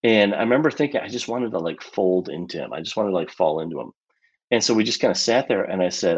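A man with a low, husky voice tells a story in an animated way, full of casual fillers. The audio is a bit dull and lo-fi. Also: quick pace. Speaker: interview guest, filmmaker.

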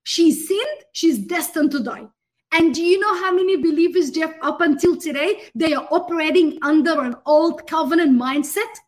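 Fervent high-voiced woman preaching. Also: normal speed. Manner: fervent and emphatic, addresses the host directly. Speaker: guest minister and author. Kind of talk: interview answer in a preaching manner.

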